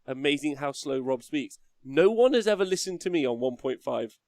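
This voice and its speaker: A man hosting a casual livestream podcast, chatty and quick to laugh as he reads the chat aloud. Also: on the high side, lively intonation, a little mellow, dry recording, clean studio sound. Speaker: podcast host.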